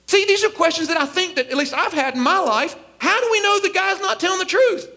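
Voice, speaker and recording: A man preaching a sermon, animated and joking as he acts out Bible characters in comic voices. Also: very high voice, a little fast. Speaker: pastor.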